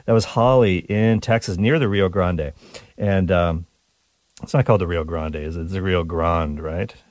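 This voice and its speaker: A man's voice: low-pitched, moderate pace, darkish tone, dry recording, clean studio sound. A man from Canada hosting a live radio call-in show, upbeat and joking with his callers.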